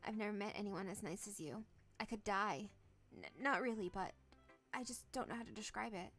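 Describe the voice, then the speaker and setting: Creepy devoted game schoolgirl, a woman reading her lines, hushed and breathy, bright voice, quiet music behind. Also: medium pitch, fairly quick. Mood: breathless obsessive. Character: obsessive, shy teenage girl, unsettlingly intense. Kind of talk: reading game dialogue aloud. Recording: faint background music.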